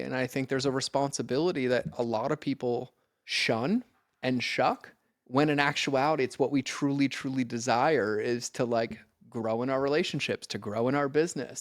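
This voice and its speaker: A man speaking as a podcast guest in an earnest, conversational way. He acts out exchanges with bursts of energy, and his voice sits at a middling pitch. The sound is dry and close, with no room around it. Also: no echo. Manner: earnest, animated when acting out exchanges. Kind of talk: casual conversation.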